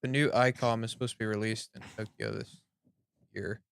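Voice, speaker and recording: A man's voice: fairly low pitch, big pitch swings, brisk, vocal fry, fairly bright tone, clean tone. A man joining a ham radio stream, making short, eager remarks in casual chat. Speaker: stream co-host or guest.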